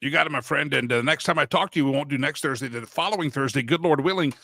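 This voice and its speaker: A man's voice: on the high side, quick pace, gravelly, pushed and bright, dry recording. A man hosting a talk show, chatting casually with a playful, sarcastic edge.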